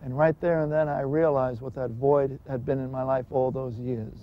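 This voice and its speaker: A man's voice: mid-range voice, flat delivery, normal speed. A man giving an earnest, emphatic personal testimony. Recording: dull lo-fi recording with faint hiss.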